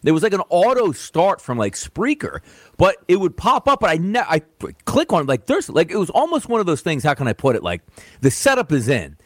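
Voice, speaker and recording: A man co-hosts a sports radio show in loose, rambling chat stuffed with fillers and restarts. His voice sits a little high and leaps around in pitch. The sound is dry and close with no room around it. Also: huge pitch swings, brisk, dry recording. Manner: rambling, filler-heavy, lots of "like". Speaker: sports betting show co-host.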